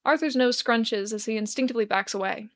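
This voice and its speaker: A woman giving an expressive, measured reading of a fan-written story. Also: on the high side. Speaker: fanfic reader.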